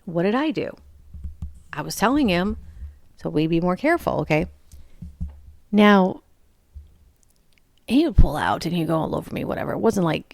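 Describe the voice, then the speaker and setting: In a low, gravelly, somewhat mellow voice, a middle-aged woman rambles casually through a long, exasperated story, frequently switching to a higher voice to act out what she said. The audio is dry and close, with no echo or room behind it.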